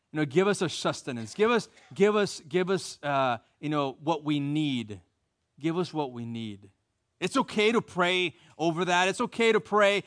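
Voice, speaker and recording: An American man delivers a sermon in a slightly high voice, animated and emphatic. He repeats key phrases and pulls the congregation into call-and-response. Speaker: preacher.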